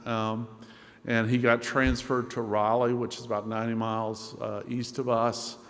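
Earnest pastor preaching in a reverberant hall. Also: male voice, medium pitch, little pitch movement, normal speed. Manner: earnest storytelling, dropping to a hushed voice at tender moments. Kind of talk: sermon.

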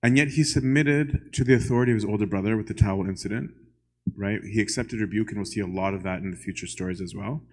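A man's voice: deep voice, vocal fry. A man giving a church lecture in a conversational way, often asking the audience "right?" and putting questions straight to them.

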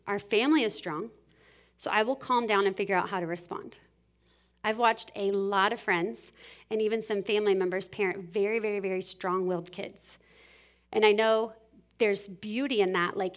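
A woman in her thirties giving a casual, animated sermon-style talk on parenting, full of "like" and acted-out parent lines. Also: medium pitch. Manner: casual, animated, many "like"s, acts out scolding parent voices. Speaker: speaker at a church parenting talk.

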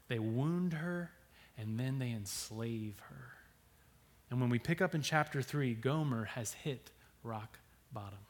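Man preaching, hushed to emphatic. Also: medium pitch. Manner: swings between hushed, near-whispered lines and loud emphatic scripture reading. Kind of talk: sermon.

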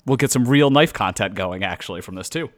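A man's voice: fairly low pitch, lively intonation, brisk. A man co-hosting a casual podcast, rambling and joking with loose, profane asides. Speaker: podcast co-host.

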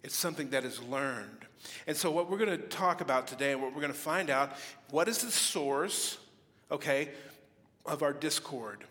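A middle-aged pastor preaches with a fairly high, lively voice, telling funny stories and slipping into mock voices. His words ring out with a long echo in a church hall. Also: normal speed. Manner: humorous storytelling, animated with playful mock voices. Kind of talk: sermon. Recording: reverberant hall.

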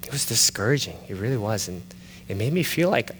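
A male pastor telling a personal story in a sermon, animated and shifting from loud excited retelling to quiet confession. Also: lowish voice, fairly quick, in a large hall, a little hiss or hum.

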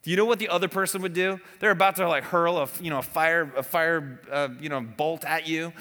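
A man preaching in a church, his voice bright and fairly high. He keeps the tone conversational and animated and often asks the audience questions. A long reverb trails his words around the hall. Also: brisk. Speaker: pastor. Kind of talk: conversational sermon.

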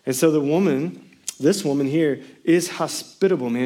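This man in his thirties is a pastor preaching at normal speed in a voice on the high side. He tells jokey stories casually and often erupts into loud, excited bursts.

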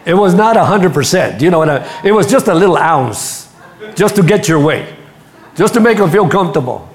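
High-voiced animated male preacher. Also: brisk. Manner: animated storytelling, acts out quotes, laughs at his own stories; addresses the congregation directly. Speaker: pastor. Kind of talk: sermon.

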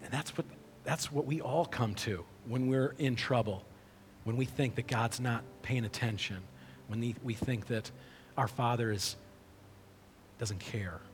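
A man's voice: medium pitch, a little slow, a little hiss or hum. Guy preaching casually, keeps asking right?, big echoey hall. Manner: conversational, frequent "right?" asides. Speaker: pastor. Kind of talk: sermon. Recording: long hall reverb.

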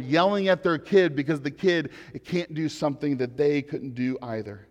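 A man preaching a sermon in an earnest way, rising to loud pleading and dropping to hushed lines. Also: on the high side, long reverb tail. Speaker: pastor.

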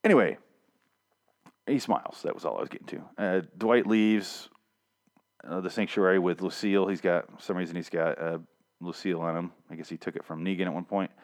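A man's voice: sits low, fairly even intonation, a little fast. A man casually recapping a comic series, rambling and swearing, with lots of restarts and fillers. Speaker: comic reviewer.

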